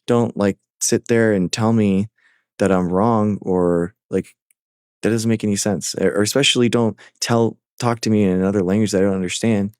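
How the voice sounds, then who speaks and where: A man's voice: lowish voice, steady tone, normal speed, darkish tone, dry recording, studio quality. A man hosting a live call-in stream, talking casually with callers, often stumbling and repeating words. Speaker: livestream host taking callers.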